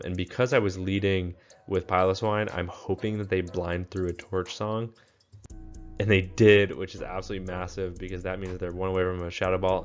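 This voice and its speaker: Man, very low voice, casual game commentary, tired, lots of ums, faint music behind. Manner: tired, relaxed, many ums and fillers.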